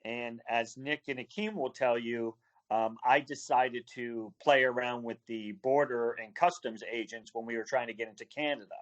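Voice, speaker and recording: A man's voice: mid-range voice, moderate pace. A man telling road stories over a video call, acting out other people's lines as he goes. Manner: animated storyteller acting out quoted voices. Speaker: wrestling referee, guest.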